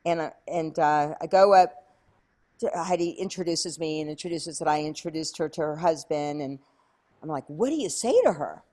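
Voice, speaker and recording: Woman guest, chatty storyteller, slightly low voice, lots of fillers. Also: normal speed, dark tone. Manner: chatty, many "like" fillers, acts out her own past lines. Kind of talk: animated storytelling in an interview.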